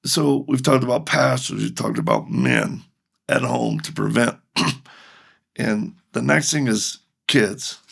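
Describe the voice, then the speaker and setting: A man's voice: mid-range voice, sing-song, slow pace, vocal fry, a bit bright, breathy edge. A middle-aged man, a ministry leader and podcast guest, telling a story animatedly, acting out both sides of the dialogue.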